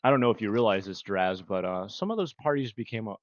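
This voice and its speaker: Lowish guy rambling to his stream chat, laughs a lot, dry kinda muffled mic. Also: lively intonation, fast, no room sound. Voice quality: rambling and chatty, with fillers and frequent laughs. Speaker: livestreamer. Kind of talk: casual livestream chat with viewers.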